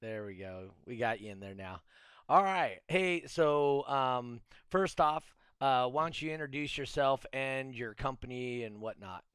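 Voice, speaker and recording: A man's voice: medium pitch, a little slow, fairly bright tone, smooth, no room sound, clean studio sound. A man hosting a podcast, chatting and joking in an easygoing way. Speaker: podcast host. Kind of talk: casual chat.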